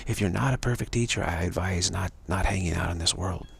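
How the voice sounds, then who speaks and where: A man's voice: low-pitched, a little fast, creaky, breathy edge. A man giving a rambling spiritual talk on a live stream, repeating himself and restarting words often. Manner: repetitive, stumbling restarts, earnest. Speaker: spiritual teacher.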